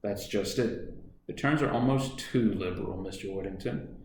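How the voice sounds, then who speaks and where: A man's voice: lowish voice, normal speed, a little mellow, a little hiss or hum, natural voice. Man doing a wary young woman, blunt and guarded, echoey room. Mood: wary firm.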